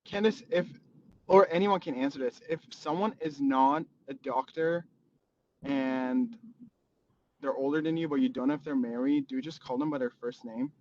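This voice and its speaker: A man's voice: a little high, lively intonation, a little mellow. Young man on muffled call audio. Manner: curious, asks quick questions. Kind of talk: casual chat.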